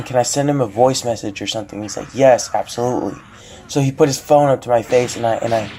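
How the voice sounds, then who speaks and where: A young man telling a story on his vlog, excitable and rambling with many restarts. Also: mid-range voice. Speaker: vlogger.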